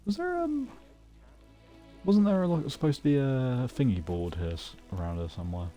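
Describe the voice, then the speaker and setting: A man's voice: medium pitch, sing-song, normal speed, warm tone, faint music behind. A man giving casual, chatty commentary while he plays a video game, muttering to himself as he goes. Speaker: gaming streamer.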